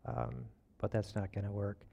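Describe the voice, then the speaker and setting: A man giving a relaxed, conversational sermon, telling everyday stories in a folksy way and chuckling at himself. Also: fairly low pitch, moderate pace, gravelly.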